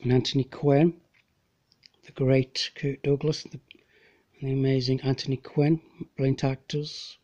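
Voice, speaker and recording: Guy rambling slowly about paintings, keeps correcting himself, mellow voice. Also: medium pitch, flat delivery. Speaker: amateur painter presenting his copies. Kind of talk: casual narrated slideshow. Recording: dull lo-fi home recording.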